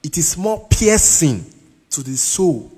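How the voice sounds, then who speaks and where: A man teaching keyboard in a casual, halting way, often stopping to check that the listener understands. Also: fairly high pitch, very animated, mellow, breathy edge. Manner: keeps checking in with "you understand?"; halting, with restarts and repeated words. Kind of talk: casual instructional talk. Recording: long reverb with keyboard music behind.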